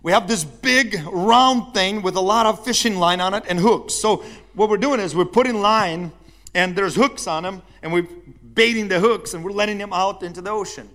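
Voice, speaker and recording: A man with a notably high-pitched voice delivers a sermon as the church's pastor. He tells his story with lively energy and keeps turning to the congregation with questions. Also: normal speed.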